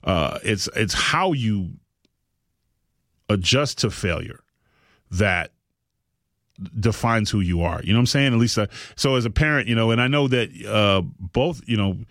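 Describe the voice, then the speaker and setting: A man hosting a podcast, telling a long story in casual chat, animated and rambling with frequent restarts. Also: fairly low pitch, measured pace, long pauses, no room sound, studio quality. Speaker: podcast host.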